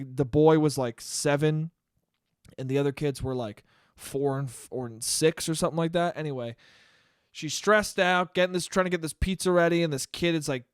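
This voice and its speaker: A man's smooth, fairly high voice carries a rambling story on his solo podcast, where he swears frequently and keeps restarting sentences. It's studio-quality audio with no echo.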